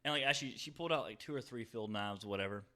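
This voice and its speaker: Young guy, bright edgy tone, profane rambling storyteller for a loose podcast chat. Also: on the low side, fast talker. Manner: rambling, profane, laughs often. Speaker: podcast co-host.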